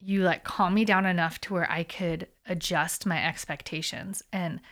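A woman telling a personal race story in casual conversation, animated and full of fillers and restarts. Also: fairly low pitch, normal speed.

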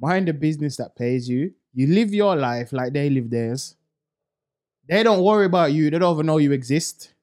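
A man's voice: animated, moderate pace, darkish tone. A man ranting bluntly in a casual podcast chat, full of street slang. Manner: mocks others in high put-on voices. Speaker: podcast co-host.

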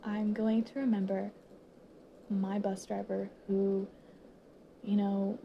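A teenage girl in high school speaks to viewers through tears, her voice catching as she delivers a halting, emotional monologue with many pauses and frequent drops into a whisper. Her pitch barely moves and carries vocal fry. The recording is lo-fi with a bit of background noise.

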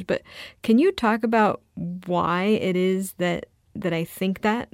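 A woman's voice: mid-range voice, unhurried, hardly any pauses, no room sound, clean studio sound. A woman hosting a podcast interview, enthusiastic and curious as she asks questions. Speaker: podcast host. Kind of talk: casual interview chat.

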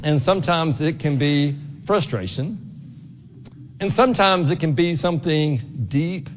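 Preaching in the church sanctuary, this middle-aged pastor speaks at a measured pace in a fairly high voice, keeping things conversational and frequently tossing "right?" to the congregation. The church recording sounds dull and heavily reverberant, with a little hiss or hum.

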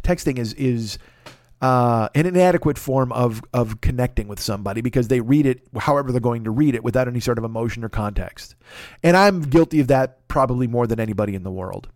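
A man telling a story in a casual monologue, animated and profane, often acting out the dialogue. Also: mid-range voice, dry recording, clean studio sound. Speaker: podcast host.

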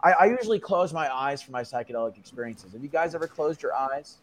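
A man's voice: on the high side, expressive, fast talker, slight background noise. Slangy man telling a story casually. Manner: loose, slangy, full of fillers and swearing. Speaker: podcast guest.

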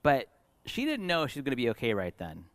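A middle-aged man, a pastor preaching a sermon, telling a personal story in an earnest way that moves between lively and hushed. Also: medium pitch, brisk, no room sound.

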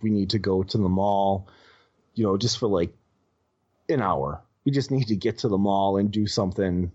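A man with a fairly low voice tells a personal story as a guest, stumbling over restarts and swearing casually. The audio is dull and lo-fi. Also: darkish tone. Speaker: podcast guest.

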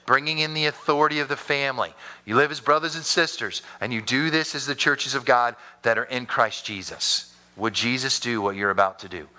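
Bright-voiced animated male pastor preaching. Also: brisk, hardly any pauses. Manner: animated storytelling preacher with sudden high-pitched bursts. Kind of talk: sermon.

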